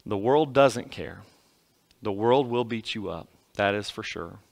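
A man preaching a sermon to his congregation, swinging from loud emphasis to hushed, quiet lines. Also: fairly low pitch, expressive, measured pace, gravelly. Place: church sanctuary.

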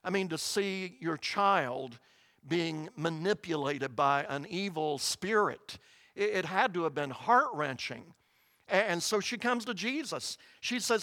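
A man preaching a sermon, earnest and emphatic, his voice rising high on quoted words. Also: expressive, unhurried, bright, forceful tone, no echo.

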